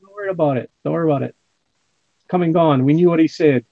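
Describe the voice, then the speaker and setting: A man's voice: a little high, quick pace, vocal fry, dry recording, phone-quality sound. A man hosting a casual livestream, reading chat comments aloud with jokes and laughter. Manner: jokey, laughs often. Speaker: livestream host.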